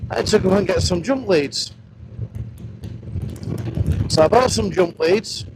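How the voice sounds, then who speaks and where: A motovlogger in his thirties with a Northern English accent chats and swears while telling rambling stories as he rides his motorcycle outdoors. His voice is high and his pace measured. A helmet-mounted action camera mic picks him up, along with wind and engine noise.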